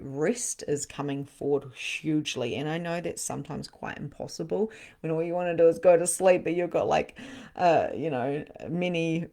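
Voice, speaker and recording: A middle-aged woman hosting a live-stream card reading as a spiritual medium, often dropping into a soft whisper. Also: deep voice, a little slow.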